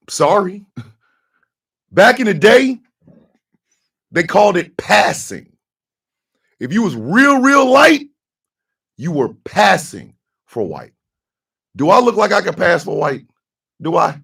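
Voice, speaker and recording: A man from the United States hosting a radio morning show, giving fiery, profane commentary that bursts into shouting. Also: high-pitched, very animated, slow, gravelly, long pauses, husky.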